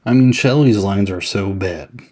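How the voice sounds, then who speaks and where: Man, podcast host, casual movie review, chatty, rambling, deep voice. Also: a little slow, mellow. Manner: chatty and rambling, with many "I mean"s.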